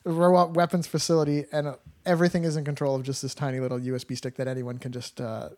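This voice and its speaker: Brief: male host, casual movie chat, animated, profane, acts out quotes. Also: mid-range voice, fast talker.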